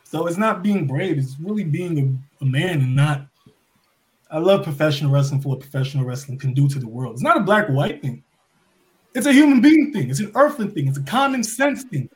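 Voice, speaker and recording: A man from New York speaks in a high voice that leaps up and down in pitch. He preaches in long bursts and throws out rhetorical questions. His volume swings from loud to soft and back. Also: expressive, brisk. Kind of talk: impassioned monologue.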